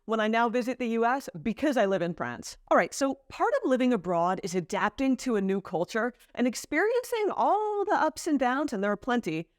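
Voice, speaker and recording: A woman's voice: a little high, no echo. American woman vlogging, chatty and light, explains stuff, dry close mic. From United States. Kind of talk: casual vlog talk to camera. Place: home in France.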